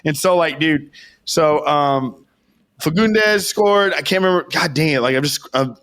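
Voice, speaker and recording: A young man with a hoarse, worn voice, pitched a little high, rambling through an excitable story on a podcast. He swears constantly and keeps restarting his sentences in loose, casual chat. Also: unhurried. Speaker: podcast co-host.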